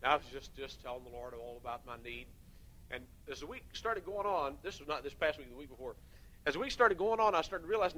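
Bright-voiced folksy preacher. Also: male voice, a little high, quick pace, rough recording. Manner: folksy storytelling, rising to fervent emphasis. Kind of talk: sermon.

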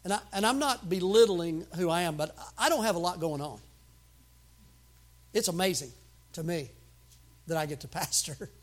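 Pastor, male, high-pitched, emphatic sermon delivery that swings from quiet asides to loud outbursts. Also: animated, normal speed, pauses often. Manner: emphatic preaching with sudden loud outbursts and humor.

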